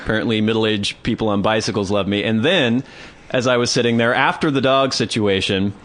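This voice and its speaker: A man's voice: lowish voice, fairly quick. A man co-hosting a podcast, telling a story in casual chat and acting out other people's voices. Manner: animated storyteller, acts out voices. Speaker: podcast co-host.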